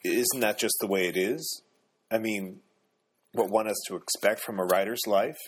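An earnest young woman, soft and pleading, as a man reading the audiobook puts her on. Her voice is husky and deep, only lifted a little above a man's register. She stays hurt but outspoken. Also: moderate pace.

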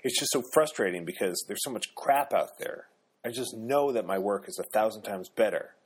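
A sullen, scornful young man, as a male narrator plays him who speaks in curt, dismissive lines. His voice sits very low and husky. It is an audiobook reading. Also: expressive, moderate pace.

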